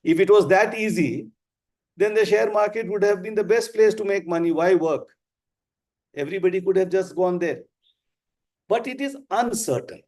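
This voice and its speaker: A man with an Indian English accent teaching a live class, explaining slowly and with emphasis. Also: high-pitched, a little mellow. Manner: slow, deliberate, emphatic explaining. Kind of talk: live online class lecture.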